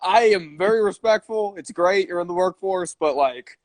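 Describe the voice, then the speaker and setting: A man hosting a podcast, chatting casually with frequent swearing and quick asides. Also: high-pitched, dry recording. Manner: profane, quick asides, lots of filler. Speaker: podcast host. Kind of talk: casual chat.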